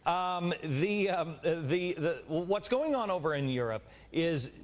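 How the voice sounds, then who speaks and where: American man, TV host, fairly high voice, very lively pitch, jokey. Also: measured pace. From United States. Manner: joking, rambling, expressive. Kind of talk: TV interview.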